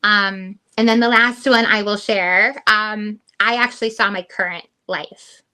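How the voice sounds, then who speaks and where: Middle-aged woman on a podcast, bright clear voice, rambly and heartfelt, lots of um and like. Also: medium pitch, fairly even intonation, a little slow. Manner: candid, emotional storytelling with frequent fillers. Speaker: podcast co-host. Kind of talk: casual chat.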